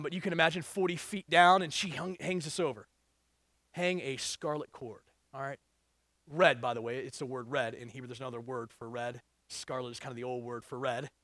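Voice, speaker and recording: A man's voice: a little high, fairly bright tone, no room sound, clean studio sound. A male pastor preaching a sermon, reading scripture and asking the congregation emphatic rhetorical questions.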